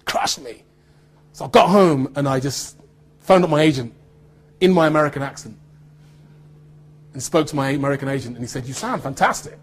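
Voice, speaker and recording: An English man, an actor, giving an animated anecdotal talk to students and acting out voices as he tells stories. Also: medium pitch, moderate pace, long pauses. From United Kingdom. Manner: animated storyteller, acts out voices.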